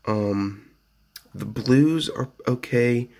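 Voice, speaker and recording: A man's voice: mid-range voice, very slow, creaky, darkish tone. A man giving a casual, rambling product review at his home desk, full of fillers and "so yeah", recorded on a phone camera. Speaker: gaming gear reviewer.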